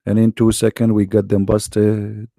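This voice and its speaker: A man hosts a live call-in debate, mocking and sarcastic, with his voice worn out after hours of talking. His tone is dark and gravelly, and the sound is dry and close. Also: on the low side, completely flat delivery, a little slow, dry recording. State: tired, worn-out voice.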